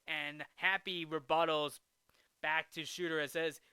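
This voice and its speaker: Bright-voiced man rambling through a film recap. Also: a little high, level tone, unhurried, clean tone, dry recording. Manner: rambling, frequent restarts and fillers.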